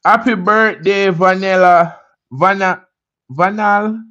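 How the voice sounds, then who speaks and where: A man's voice: high-pitched, steady tone, sharp tone, lo-fi sound. A Jamaican man hosting a casual livestream chat. He answers viewer comments and greets viewers by name. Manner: laid-back, drawn-out, greets viewers by name. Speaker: livestream host.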